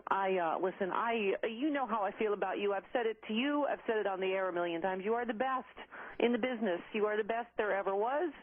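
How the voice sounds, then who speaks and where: A woman's voice: medium pitch, quick pace. Gushing, theatrical woman on lo-fi line. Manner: gushing, theatrical, self-mocking. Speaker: radio host guest on call. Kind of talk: casual on-air banter.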